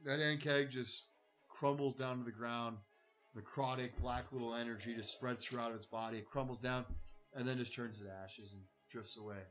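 A man's voice: medium pitch, fairly even intonation, moderate pace, a bit bright, faint music behind. A man acting as game master, casually narrating a tabletop game with easygoing fillers.

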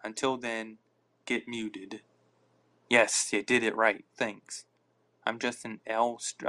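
A man's voice: on the low side, little pitch movement, takes it slowly, bright, forceful tone. A man hosting a casual live podcast on his phone, rambling and reacting aloud to listener comments. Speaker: podcast host.

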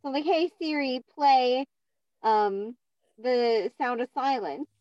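A woman co-hosting a podcast, telling funny stories in a relaxed, chatty way. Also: high voice, slow pace, no echo, lo-fi sound. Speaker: podcast co-host. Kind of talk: casual chat.

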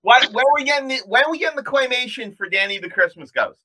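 A man co-hosting a podcast in casual chat, reacting with quick jokes and banter. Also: very high-pitched, lively intonation, bright, forceful tone. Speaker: podcast co-host.

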